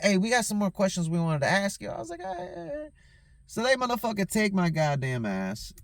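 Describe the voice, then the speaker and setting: A tipsy man telling a story on his own show, cursing heavily and checking in with the listener again and again. His voice sits fairly high for a man. The sound is close and dry, with no room around it. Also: dry recording. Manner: profane, heated, keeps asking "you know what I'm saying". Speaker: host. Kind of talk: casual storytelling rant.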